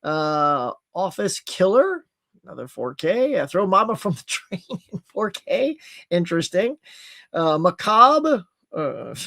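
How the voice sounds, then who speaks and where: A man hosting a casual livestream from his home setup, chatting about new movie releases in an animated way and laughing at himself. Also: sits high, measured pace. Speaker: livestream host. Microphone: computer with HD webcam.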